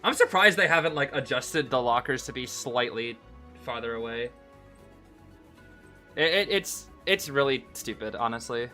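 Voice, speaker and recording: A man streaming a casual gameplay recap who is excitable, repeats his words and keeps calling his listeners bro. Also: medium pitch, normal speed, faint music behind. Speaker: game streamer.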